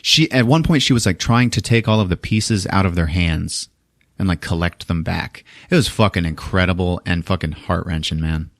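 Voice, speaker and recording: A man hosting a podcast, retelling a film plot in casual, profane, animated detail. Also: low voice, normal speed, no room sound, studio quality. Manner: animated, profane storytelling with acted quotes. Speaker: podcast host. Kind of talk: casual movie recap.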